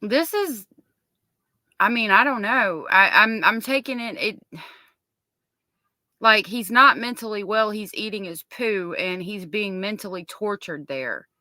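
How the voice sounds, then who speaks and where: A woman's voice: medium pitch, lively intonation, unhurried, sharp tone, no room sound. A woman chatting casually on a stream, hesitant and restarting often as she searches for words. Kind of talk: casual chat.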